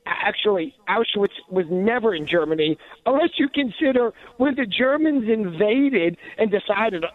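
A man's voice: high voice, animated, normal speed, dry recording, narrow, tinny audio. A man giving indignant, sarcastic talk radio commentary, with many restarts and asides.

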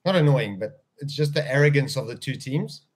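A man's voice: medium pitch, animated, fairly quick. Rambling man in podcast chat. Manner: rambling, restarts sentences with "like". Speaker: podcast co-host.

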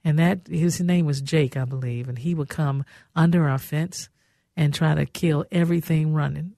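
A woman's voice: low voice, fairly even intonation, moderate pace, vocal fry, mellow, no echo, studio quality. A woman hosting a radio talk show, chatty and effusive, often laughing. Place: radio studio.

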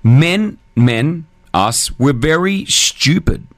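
A man's voice: on the high side, expressive, very slow, no room sound. A man hosting a casual radio talk show, chatty and rambling. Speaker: radio host.

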